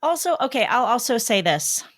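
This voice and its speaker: A woman's voice: on the high side, very animated, fairly quick. A woman co-hosting a podcast, chatting casually, reacting to a story and giving plain advice. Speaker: podcast co-host. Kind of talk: casual chat.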